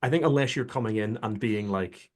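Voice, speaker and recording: A man's voice: on the low side, fairly quick, darkish tone, slight background noise. A man, a guest who is a professional dungeon master, chatting casually in a rambling, self-deprecating way with lots of fillers. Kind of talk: casual chat.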